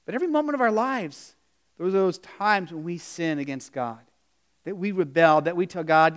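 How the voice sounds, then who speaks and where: A man's voice: high-pitched, lively intonation, fairly quick. A pastor giving a conversational sermon, retelling stories and asking his congregation questions.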